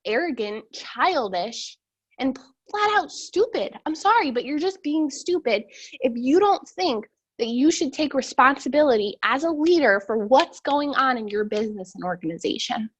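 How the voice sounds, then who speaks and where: A young woman with a fairly high voice gives a blunt, animated motivational talk over a video call. She rambles and circles back with plenty of fillers, then hits her points hard and straight. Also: highs cut off. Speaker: sales team leader.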